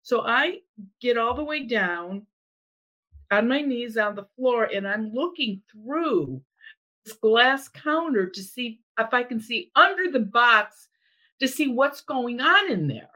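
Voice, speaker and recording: A woman's voice: a little high, slow pace, rough recording. A middle-aged woman telling a personal story in casual chat, acting out what people said. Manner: animated, acts out quoted voices. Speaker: storyteller guest.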